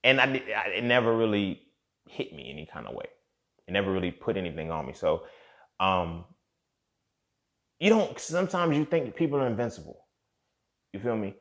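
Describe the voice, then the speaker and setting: A man's voice: fairly low pitch, sing-song, moderate pace, long pauses, fairly bright tone. A man hosting a show and telling a personal story in a casual, profane way, often speaking straight to the listener. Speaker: host.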